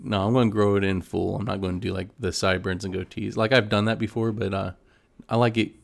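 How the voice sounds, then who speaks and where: A man's voice: lowish voice, flat delivery, fast, gravelly. A man co-hosting a podcast in casual chat, easygoing and a bit hesitant, chuckling now and then. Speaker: podcast co-host.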